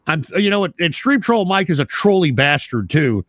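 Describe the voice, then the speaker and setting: A man hosting a live stream, talking bluntly with lots of swearing and repetition, rising into shouts when worked up. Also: high-pitched, big pitch swings, normal speed, hardly any pauses, no room sound, studio quality. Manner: blunt, swearing, repeats himself. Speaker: livestream host. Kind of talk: profane live stream talk.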